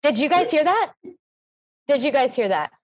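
A woman's voice: sits high, very animated, moderate pace, dry recording. A woman playing a pushy, overly helpful exterminator neighbor in an improvised comedy scene, chatty and salesy. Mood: eager. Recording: dry close-mic podcast sound.

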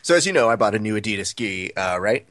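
Speaking fast in a lowish voice, a man co-hosting a podcast spins a casual story, animatedly performing the quoted lines of its characters.

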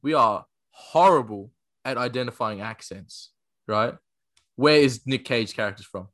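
A man with a bright, forceful voice trades jokes and swears freely as he chats about a movie. His voice is close and dry, with no room around it. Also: mid-range voice, measured pace, dry recording. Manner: profane, joking, teasing. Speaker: podcast co-host. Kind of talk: casual movie chat.

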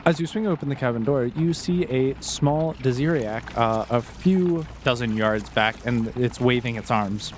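A man's voice: mid-range voice, moderate pace, hardly any pauses, a little hiss or hum. A man narrating a tabletop game as game master, casual with many fillers.

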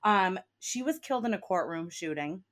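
A woman's voice: lowish voice, expressive, moderate pace. Give me an enthusiastic woman with an Inland Northern American accent chatting casually as a podcast co-host. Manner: chatty, enthusiastic, laughs often. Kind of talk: casual chat about a TV show.

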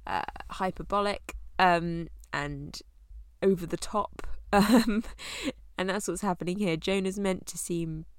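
A woman's voice: on the low side, measured pace, clear, resonant tone, no echo. Dry-voiced woman teaching a Bible study. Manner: conversational, laughs often.

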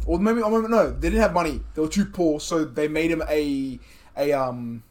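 A man's voice: on the high side, normal speed, darkish tone. A man with a light Australian accent, co-hosting a podcast in casual, rambling chat, swearing freely and laughing often. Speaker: podcast co-host.

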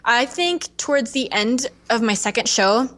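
A young woman talking openly as a podcast guest, earnest and animated, often acting out what others said to her. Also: a little high, a little slow. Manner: earnest, animated, acts out quoted voices. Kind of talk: candid podcast interview.

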